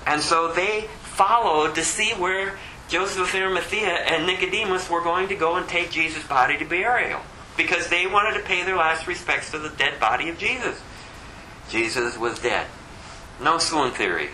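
A man's voice: fairly high pitch, normal speed, bright, forceful tone, reverberant, a little hiss or hum, low-quality recording. A man preaching a sermon, emphatic and driving his points home with repeated rhetorical questions.

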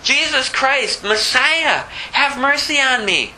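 Male pastor, fervent sermon, bright tone, lively pitch, faint background noise. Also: slow pace, poor audio. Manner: animated, fervent, rises to near shouting. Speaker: preacher.

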